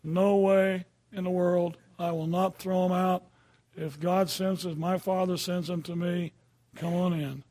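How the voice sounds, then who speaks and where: A man's voice: high-pitched, level tone, measured pace, warm tone. An older man preaching a sermon in a folksy, conversational way, often checking in with his listeners.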